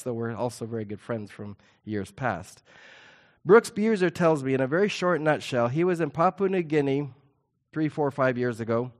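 A middle-aged man preaching a sermon to his church, earnest and emphatic, slowing down to stress key points. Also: medium pitch. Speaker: pastor.

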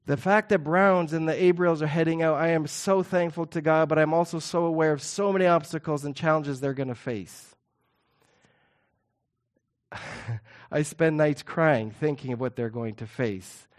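Middle-aged man, pastor, sermon, earnest, emphatic, slightly high voice. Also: fairly even intonation, moderate pace.

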